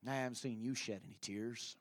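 A man preaching a sermon voices Jesus as a quiet, patient man gently rebuking his host. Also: mid-range voice, fairly even intonation, brisk, no room sound, voice pushed down, lightly acted. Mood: gentle rebuke. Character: calm, gently reproachful Jesus, adult male.

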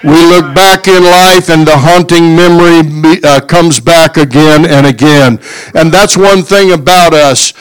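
A man's voice: fairly high pitch, unhurried, clean tone, poor audio. A man preaching a sermon to his congregation, telling a story and then exhorting with frequent amens. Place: church.

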